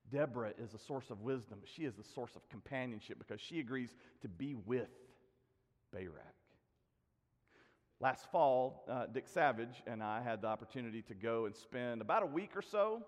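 A man preaching a sermon, telling stories and letting his phrases sink to a hush. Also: fairly high pitch, long reverb tail. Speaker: pastor.

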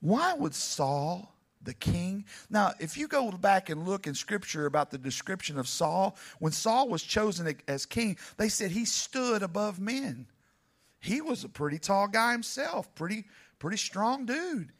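A man's voice: sits high, sing-song, a little slow. A male preacher delivering a dramatic sermon and speaking straight to his congregation. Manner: dramatic, builds to near shouting, speaks to the congregation directly. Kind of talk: animated sermon.

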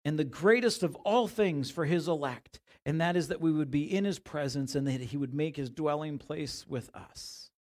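Animated, conversational male preacher. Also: fairly high pitch, moderate pace, few pauses. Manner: conversational, animated when paraphrasing, with restarts. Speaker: pastor. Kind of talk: sermon.

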